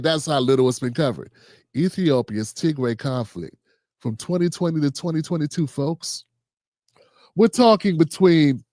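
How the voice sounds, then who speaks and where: A man's voice: sits high, darkish tone, no room sound, studio quality. A man hosting a livestream of political commentary, reading out notes and reacting with heated sarcasm. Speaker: livestream host.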